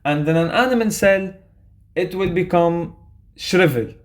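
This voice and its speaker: A man's voice: high-pitched, unhurried. Chatty young male biology tutor. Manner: casual, chatty, keeps checking in with "okay?". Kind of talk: explaining a quiz to students.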